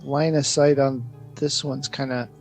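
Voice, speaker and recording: A man's voice: medium pitch, flat delivery, unhurried, faint music behind. A man playing in a tabletop game, talking casually and hesitantly, thinking aloud with ums. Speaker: player.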